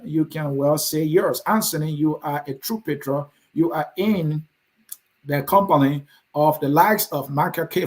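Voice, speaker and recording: A man with a Liberian accent hosting a political talk show, reading viewer comments aloud and answering them with a combative, direct manner. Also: a little high. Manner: combative, addresses commenters by name.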